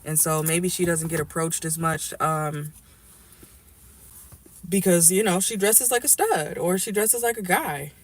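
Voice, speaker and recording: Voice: medium pitch, a little slow. A tarot reader in a car giving a casual, rambling and blunt reading to viewers, swearing freely. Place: inside a car.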